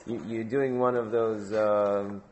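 A man's voice: fairly low pitch, flat delivery, slow, darkish tone, muffled recording, slight background noise. A man teaching a Talmud class, prompting his students with questions and repeating phrases for emphasis.

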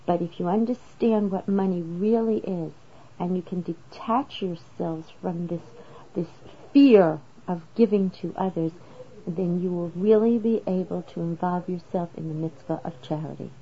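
A woman's voice: on the low side, unhurried, husky, dull audio. A woman teaching a Torah lesson, explaining step by step and posing rhetorical questions to her listeners. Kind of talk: religious lesson.

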